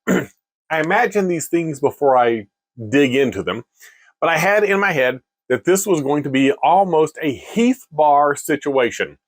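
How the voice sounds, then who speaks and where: A man hosting a casual beer-tasting video, chatty and joking about his own pronunciation. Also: on the high side. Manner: chatty, self-mocking, lively. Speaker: beer reviewer, video host.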